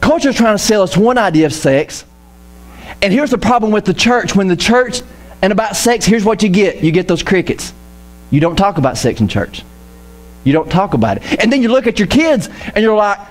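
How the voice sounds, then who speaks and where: Lively, joking male pastor, slightly high voice. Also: normal speed. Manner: lively, jokey, acts out quoted voices. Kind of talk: casual conversational sermon. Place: church auditorium.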